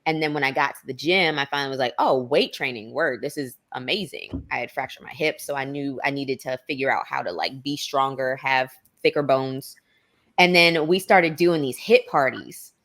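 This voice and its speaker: A woman in her thirties, a podcast guest, telling stories in casual chat and acting out other people's lines in a higher voice. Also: normal speed. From Maryland, USA. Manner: animated storyteller, acts out quoted lines in a higher voice.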